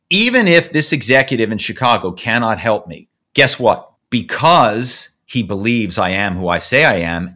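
A man, a former corporate spy, answering interview questions and acting out the phone calls he used to make. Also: medium pitch. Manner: animated, acts out quoted phone calls.

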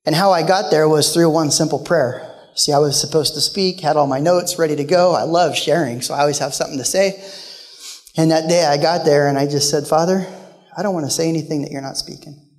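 Male guest preacher, emotional storyteller, voice sits a touch high, reverb from a big hall. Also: fairly even intonation, a little fast. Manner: storytelling, emotional, shifts between loud and hushed. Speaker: guest speaker. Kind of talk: sermon.

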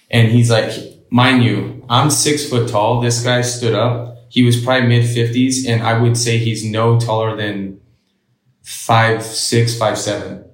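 A man with a lowish voice tells his story casually and bluntly, swearing freely and acting out what each person said. The room around him gives his voice a clear echo. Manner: blunt and profane, retells with quoted dialogue. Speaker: interview guest.

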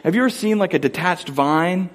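A man's voice: sits high, brisk. A man preaching a sermon as a pastor, talking casually and acting out little scenes and quotes as he goes. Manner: conversational, storytelling with acted-out quotes.

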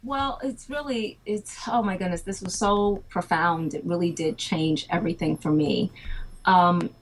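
Female guest, husky voice, animated storyteller, acts out dialogue. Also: fairly low pitch, a little slow. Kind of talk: storytelling in conversation.

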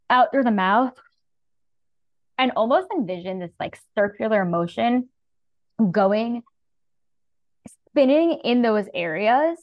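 Speaking in a mid-range voice, a woman coaches a breathing practice in a casual, gentle, sincere way, leaning heavily on the filler "like." The recording has no room sound and a lo-fi quality.

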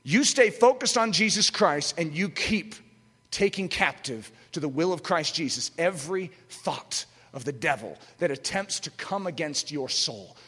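A man preaching an impassioned sermon, emphatic, with rhetorical questions and sudden loud outbursts, in a large hall. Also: fairly high pitch, lively intonation, measured pace, breathy edge. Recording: echoey hall with long reverb.

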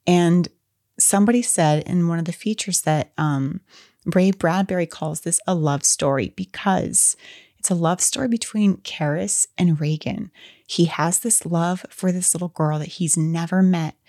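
A woman's voice: on the low side, a little slow, mellow, no echo, clean studio sound. A woman co-hosting a podcast, chatting casually about a film with enthusiastic, openly emotional fan talk. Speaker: podcast co-host.

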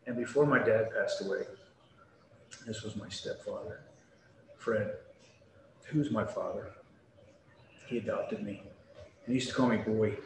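A middle-aged man, a retired Air Force veteran, telling his story bluntly and at length in an interview, with salty language. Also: on the low side. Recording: very echoey room with faint noise.

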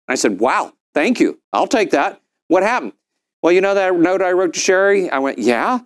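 Middle-aged man, animated group speaker, slightly higher voice, raises it for quoted lines. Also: brisk. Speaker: speaker at a business mastermind. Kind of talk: storytelling talk to a group.

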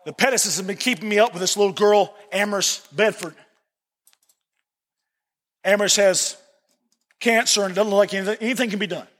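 High-voiced man preaching in a reverberant hall. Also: brisk, long pauses, fairly bright tone. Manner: earnest, repeats phrases for emphasis. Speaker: pastor. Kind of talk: sermon. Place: church sanctuary.

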